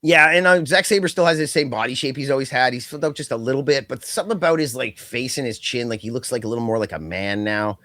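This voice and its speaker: A young adult man co-hosting a casual podcast chat, rambling and animated, with lots of fillers and quick mock impressions. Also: mid-range voice, dry recording, studio quality. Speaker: podcast co-host.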